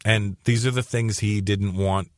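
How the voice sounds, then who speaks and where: A comedian in his forties, from Canada, tells stories with quick restarts and repeated phrases. His voice sits low. The recording is dry and close. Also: fairly even intonation, no room sound. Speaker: comedian guest. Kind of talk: conversational storytelling interview.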